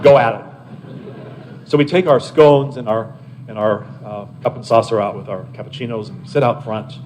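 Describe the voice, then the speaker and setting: An older man, an abbot, telling lively personal anecdotes to a live audience and chatting with his listeners as he goes. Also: medium pitch, a little hiss or hum, poor audio. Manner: animated anecdotal storyteller, chats with listeners.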